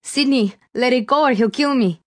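A woman's voice: medium pitch, normal speed, no echo, studio quality, natural voice. A woman voicing a frightened young woman caught up in danger, speaking urgently in an audiobook reading. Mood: terrified. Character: frightened young woman ally under threat.

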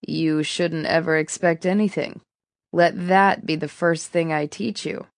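A woman voicing a calm, sarcastic male mentor in an audiobook, teasing and unhurried. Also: low voice, no room sound, clean studio sound. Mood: calm instructive. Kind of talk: audiobook character reading.

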